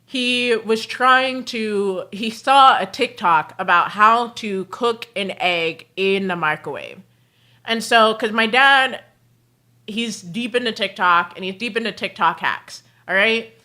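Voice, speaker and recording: A young adult woman hosting a livestream, telling family stories in a casual, animated way and laughing often mid-sentence. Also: mid-range voice, slow pace. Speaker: livestream host. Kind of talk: casual storytelling chat.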